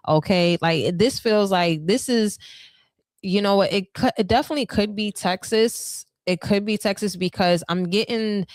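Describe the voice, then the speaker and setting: Lowish chatty woman reading tarot. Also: measured pace, no room sound. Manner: chatty, hesitant with many fillers, bursts of excitement. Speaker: tarot reader. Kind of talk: casual tarot reading to viewers.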